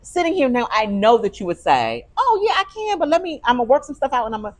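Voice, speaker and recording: A woman co-hosting a podcast in casual chat, telling stories with animated, expressive delivery. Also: fairly high pitch, quick pace. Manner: animated storytelling, turns emotional. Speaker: podcast co-host.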